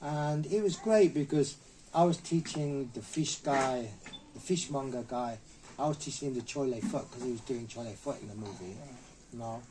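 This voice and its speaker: A man's voice: mid-range voice, normal speed, background noise. A middle-aged man, a martial artist guest in an interview, telling stories animatedly and acting out the quotes in a raised voice. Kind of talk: anecdotal storytelling.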